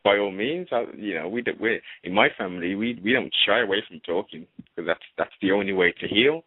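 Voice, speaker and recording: Brief: British male caller, very low voice, easygoing, dry tinny phone sound. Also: brisk, husky, no echo. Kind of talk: casual call-in chat.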